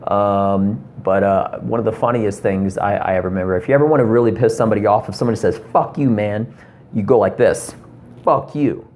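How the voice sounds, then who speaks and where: Casual note: man in his 30s, rambling foul-mouthed rant, lowish voice, faint noise behind. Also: steady tone, fast talker, few pauses, a little mellow. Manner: rambling, profane, lots of ums. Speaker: comedian vlogger. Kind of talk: profane comedy rant.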